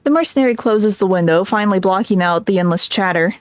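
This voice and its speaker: A woman's voice: medium pitch, fast, slight background noise. Woman streamer reading a game story aloud. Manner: narrating, with chatty asides and laughs.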